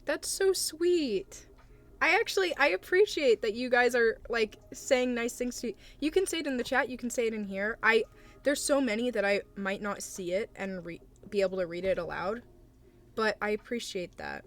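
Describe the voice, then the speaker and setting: A young woman streaming live, talking casually and gently to her chat, hesitant and supportive with many fillers. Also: fairly high pitch, normal speed. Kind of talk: casual live-stream chat, reading and answering viewer messages.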